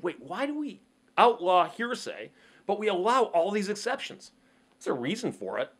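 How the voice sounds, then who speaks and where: A man's voice: on the high side, a bit bright. A man commentating on the law in a conversational monologue, asking rhetorical questions and acting out short courtroom exchanges. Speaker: legal commentator. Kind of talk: explanatory monologue to camera.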